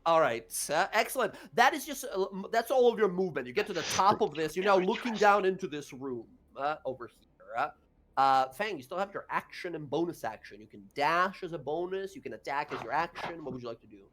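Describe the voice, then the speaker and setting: Halting male game master. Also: fairly high pitch, lively intonation, a bit bright. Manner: halting, many "uh" and "like" fillers. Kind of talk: narrating a tabletop game.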